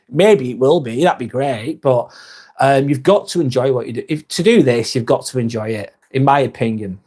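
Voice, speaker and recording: A man's voice: mid-range voice, a little mellow, breathy edge. A man hosting a casual live vlog, reading viewer comments aloud and chatting back to them.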